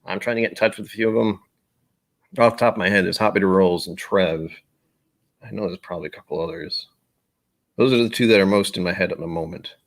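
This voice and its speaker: A man's voice: deep voice, fast, pauses often. A man hosting a casual whiskey live stream, rambling and self-deprecating as he gets sidetracked.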